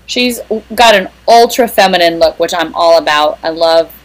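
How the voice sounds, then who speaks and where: A woman's voice: lowish voice, normal speed, low-quality recording. A young woman co-hosting a podcast in casual chat, chatty and teasing, lingering over small details. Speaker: podcast co-host.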